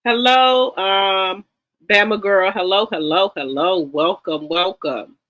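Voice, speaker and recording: A livestream host chatting casually with viewers, greeting them one by one with repeated hellos and often pausing with ums. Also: medium pitch. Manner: chatty, with frequent ums and restarts. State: a little tired. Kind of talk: casual live-stream chat. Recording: slightly dull lo-fi sound.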